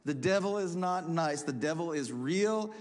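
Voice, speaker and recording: A man preaching a sermon as pastor, emphatic, swinging between loud punchy lines and quiet asides. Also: a little high, lively intonation, measured pace. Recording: long hall reverb.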